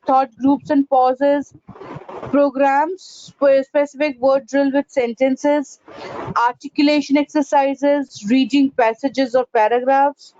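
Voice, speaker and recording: A woman with a high voice runs a pronunciation class. She explains patiently and peppers her points with "uh, you know" and "right?". The recording sounds dull and lo-fi. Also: mellow. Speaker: pronunciation trainer. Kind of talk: online training session.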